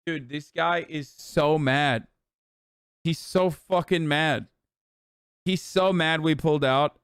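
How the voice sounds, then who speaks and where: A man's voice: a little high, a bit bright, clean tone, no echo, clean studio sound. A man streaming political commentary, swearing and sarcastic, ranting at speed. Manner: profane, sarcastic, fast rants.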